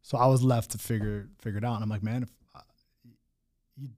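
A man's voice: medium pitch, fairly even intonation, fast talker, darkish tone. A young man telling his own hard story in candid talk, blunt and full of swearing and restarts. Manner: raw, blunt, swears often, many restarts.

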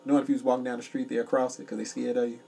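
A man co-hosting a casual comedy podcast, loud and joking as he tells stories. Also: medium pitch, racing, creaky, distant mic, background noise. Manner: loud, joking, animated storytelling. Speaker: podcast co-host.

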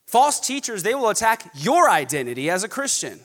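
A man preaching a sermon, animated, mocking snobby voices now and then. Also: sits high, fairly quick, few pauses, in a large hall. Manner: animated, mocks snobby voices in quoted asides. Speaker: pastor.

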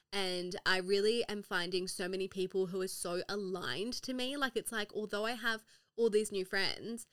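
Bright, chatty young woman podcaster. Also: medium pitch, smooth. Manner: chatty, swears freely, laughs often, heavy use of "like". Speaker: podcast host. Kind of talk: casual solo podcast chat. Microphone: own podcast mic.

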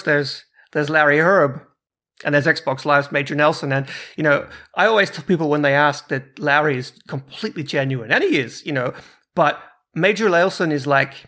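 A man's voice: on the high side, pushed and bright. A man hosting a casual podcast, chatty and self-mocking, rambling with restarts. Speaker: podcast host.

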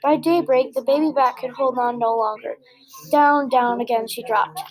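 A woman reading a children's picture book aloud in a gentle, expressive way, with small slips. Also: a little high, normal speed, low-quality recording. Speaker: storybook reader.

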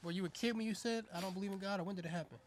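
A man's voice: high voice, racing. A man hosting a podcast interview in a casual, encouraging way, often answering with short affirmations. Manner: encouraging, backchannels with "word" and "mm". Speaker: podcast host.

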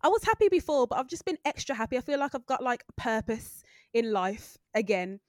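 A woman's voice: fairly high pitch, moderate pace, no room sound, clean studio sound. Bubbly young woman. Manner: bubbly, joking. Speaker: podcast co-host. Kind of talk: casual chat.

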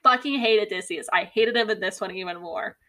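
Young woman cursing her way through a book chat, bright sharp voice, pretty blunt. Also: medium pitch, fairly quick. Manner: blunt, profane, animated. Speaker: podcast co-host. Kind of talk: casual book discussion.

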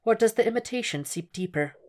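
A woman voicing a calm, cold, cultured male doctor who speaks in a soft, measured, quietly mocking way. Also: a little high, pitched above the performer's own voice, lightly acted. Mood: taunting.

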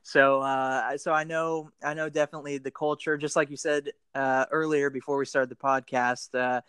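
A man with an American accent hosting a casual podcast interview, friendly and quick to laugh, with plenty of fillers. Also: mid-range voice, level tone, fairly bright tone, clear, resonant tone, dry recording. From United States. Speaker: podcast host.

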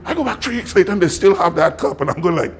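A man's voice: high voice, expressive, quick pace, slight background noise. A man, a pastor, telling a story in a sermon. He laughs often and acts out the people he quotes.

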